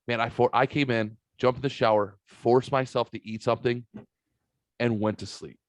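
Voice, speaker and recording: Male podcast host from the Saint Louis area, casual storyteller, lively and profane, dry close mic. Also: mid-range voice, normal speed, no room sound. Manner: animated, swearing, acts out quotes. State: recovering from a sinus virus.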